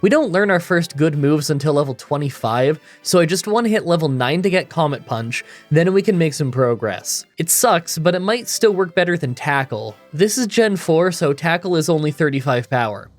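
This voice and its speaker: A man's voice: fairly high pitch, animated, moderate pace, few pauses, soft background music. A man reading scripted voice-over commentary for a game challenge video, with a groggy morning voice, a stuffy nasal sound and dry self-mocking humor, recorded in a booth. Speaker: gaming YouTuber.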